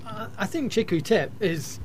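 A man on a radio show giving brief, soft-spoken opinions. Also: high voice, a little hiss or hum. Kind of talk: casual radio chat.

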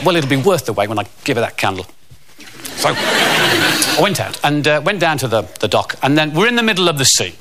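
A man's voice: mid-range voice, bright, forceful tone. Self-mocking man telling a story. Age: middle-aged. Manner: rambling, self-mocking, with tag asides. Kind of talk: comic storytelling.

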